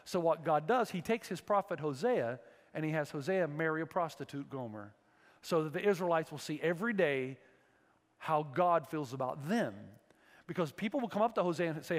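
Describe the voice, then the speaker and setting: A male pastor preaching a sermon in a church, animated and acting out the voices of biblical figures. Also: on the high side, brisk, big-room sound. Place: church sanctuary.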